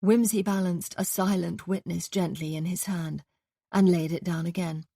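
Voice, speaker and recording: A woman narrating a mystery audiobook in an even, measured reading. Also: fairly low pitch, gravelly, no echo, clean studio sound. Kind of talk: scripted narration.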